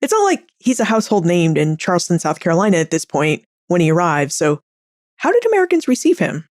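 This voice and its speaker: A woman podcast host asking curious, clearly framed questions of her guest. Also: lowish voice, wildly swooping pitch, quick pace, darkish tone, dry recording, clean studio sound. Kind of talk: interview questions.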